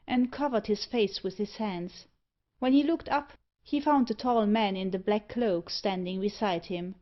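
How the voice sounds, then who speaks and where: A woman reading a gothic novel aloud as an audiobook narrator, in a measured, steady way. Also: mid-range voice, lo-fi sound. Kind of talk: scripted narration.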